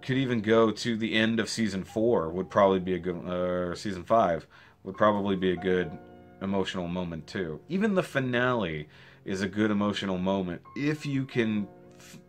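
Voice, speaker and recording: A man with a somewhat low voice talks through a show in a loose, rambling review. He gets excited easily, starts sentences over and fires off rhetorical questions. Faint music plays underneath. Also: moderate pace. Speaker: video reviewer. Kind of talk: casual spoken review.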